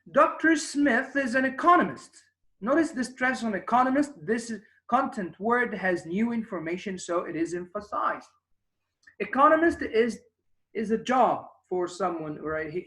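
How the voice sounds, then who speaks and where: A man's voice: sits high, fairly bright tone. A man teaching a beginners' English conversation lesson. He often hesitates and restarts, then stresses the example phrases he is teaching. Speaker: English instructor. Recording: echoey room.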